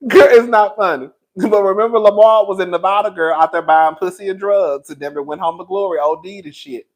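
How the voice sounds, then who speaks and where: A man's voice: sits high, brisk, low-quality recording. A man hosting a gossip livestream, who laughs often and stretches out his words. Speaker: livestream host. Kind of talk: gossip commentary.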